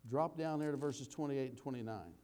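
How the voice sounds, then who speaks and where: A man giving a conversational Bible teaching, rambling with restarts and slowing down to read scripture aloud. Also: medium pitch, warm tone. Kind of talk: sermon.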